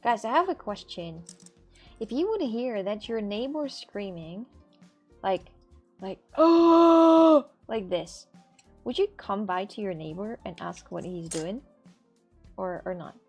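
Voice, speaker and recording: A woman's voice: medium pitch, expressive, unhurried, pauses often, darkish tone, husky, faint music behind. A woman making clay crafts on a live stream, rambling and repeating herself as she talks to her viewers, with a lilt. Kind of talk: casual live-stream chat.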